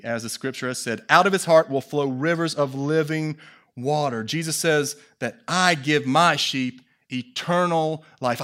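Preacher man swinging hushed to emphatic. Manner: swings from hushed low phrases to loud emphatic peaks; asks the congregation questions and jokes with them. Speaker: pastor. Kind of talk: sermon.

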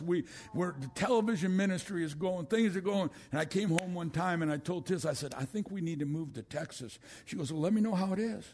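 An older man preaching a sermon as a pastor, swinging from loud exclamations down to a hushed voice. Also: fairly high pitch, slight background noise. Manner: rising to loud exclamations, then dropping to a hush.

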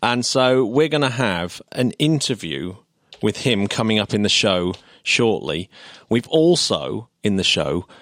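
Guy on a podcast, lowish voice, chatty, keen explainer, dry sound. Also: animated, unhurried, fairly bright tone, no room sound. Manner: chatty, laughs often, explains eagerly. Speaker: podcast co-host. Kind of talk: casual podcast chat.

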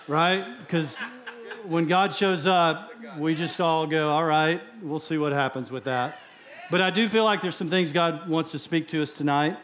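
A man's voice: a little high, fairly bright tone, slight background noise. A man from Texas, a guest speaker, preaching a sermon in a joking, conversational way in a church. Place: church sanctuary.

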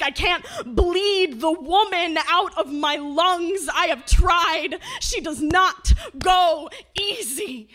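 A woman's voice: high-pitched, a bit bright. A woman performing a spoken word poem with an impassioned, rhythmic delivery.

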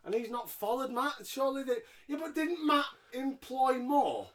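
A man's voice: very high voice, very animated, normal speed, a bit bright. A man co-hosting a podcast, recapping wrestling in a sarcastic, jokey, swearing way. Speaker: podcast co-host. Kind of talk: casual wrestling recap chat.

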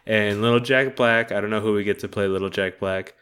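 A man's voice: on the low side, fairly even intonation, brisk, a bit bright, clean tone. A man improvising a comedy bit with friends, swearing freely and acting out scenes.

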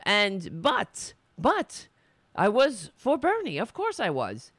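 A person streaming political commentary from home into a desk mic, ranting in an animated, sarcastic way with many restarts. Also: mid-range voice, slow pace, dry recording. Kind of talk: ranting casual commentary to camera. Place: home in New York. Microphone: desk mic with webcam.

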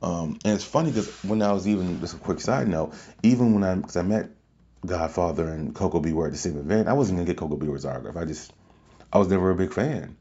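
A man hosting a podcast, telling a long casual story in a rambling, excitable way with many fillers and restarts. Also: sits low, fast, dull audio. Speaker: podcast host.

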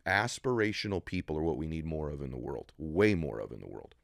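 Middle-aged man, very low voice, dry close mic, emphatic preacherly guest building intensity. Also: lively intonation, brisk, gravelly, no echo. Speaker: podcast guest. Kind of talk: motivational interview talk. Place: studio room.

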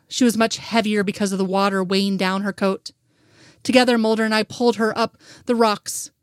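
A woman's voice: medium pitch, no room sound, clean studio sound. A woman reading a fanfic aloud in first-person narration, with an earnest, emotional delivery.

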